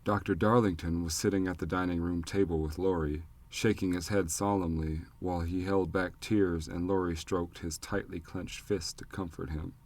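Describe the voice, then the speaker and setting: Deep-voiced male audiobook narrator. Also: steady tone, moderate pace, few pauses, a little mellow. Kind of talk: scripted narration.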